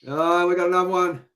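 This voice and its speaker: Aussie bloke hosting a live stream, joking around, voice sits a bit high. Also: male voice, pushed and bright, slight background noise. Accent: Australian. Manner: teasing, banter-heavy. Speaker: host. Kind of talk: casual live-stream chat.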